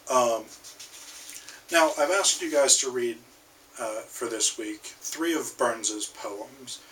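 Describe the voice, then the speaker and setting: Bright-voiced American man lecturing. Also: medium pitch, slow, far from the mic, slight background noise, rough recording. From United States. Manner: hesitant, many ums and restarts. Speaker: literature instructor. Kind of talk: casual recorded lecture.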